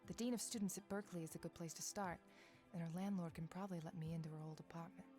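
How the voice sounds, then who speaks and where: A woman's voice: on the low side, steady tone, over music, natural voice. A woman voicing a level-headed female FBI agent. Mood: steady. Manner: measured, matter-of-fact delivery. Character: determined female FBI agent investigating murders. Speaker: game protagonist. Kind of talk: voiced game dialogue and narration.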